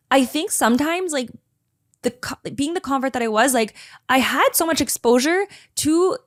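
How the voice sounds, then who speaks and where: A young woman telling a personal story in a fast, chatty way, full of filler words and emotion. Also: fairly high pitch, dry recording, studio quality. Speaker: vlogger sharing a personal story. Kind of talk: casual storytelling to camera.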